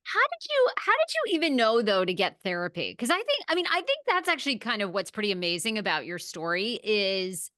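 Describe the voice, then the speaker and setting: A woman's voice: medium pitch, wildly swooping pitch, brisk, hardly any pauses, sharp tone, no room sound, studio quality. A woman hosting a podcast, supportive and asking probing follow-up questions in a casual conversation. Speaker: podcast host.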